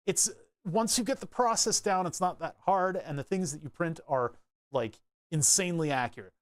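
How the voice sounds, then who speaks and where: A man's voice: on the high side, normal speed, dry recording, studio quality. A young man chatting casually while tinkering at his workbench, rambling and laughing at himself. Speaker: maker streaming his workbench. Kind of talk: casual chat.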